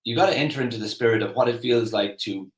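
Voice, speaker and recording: A man's voice: medium pitch, fast talker, roomy sound, low-quality recording. An Irish man giving a casual motivational talk, chatty and rambling with lots of restarts and fillers. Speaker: motivational speaker.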